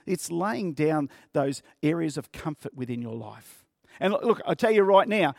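A man's voice: fairly high pitch, creaky, a little mellow, no echo, clean studio sound. A male pastor preaching a sermon in an earnest, conversational way, often repeating words and asking the congregation questions.

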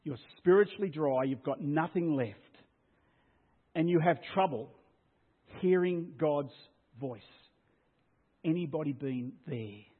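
Pastor, husky voice, loud then hushed. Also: male voice, a little high, slow pace, long pauses. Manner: swings from loud declaring to hushed near-whisper. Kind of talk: sermon. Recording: tinny phone-like sound.

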